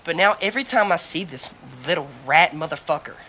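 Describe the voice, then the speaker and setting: Bright-voiced woman ranting a work story. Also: lowish voice, brisk, slight background noise, poor audio. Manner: animated storyteller, heavy swearing, acts out quotes. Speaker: podcast co-host. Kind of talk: casual chat.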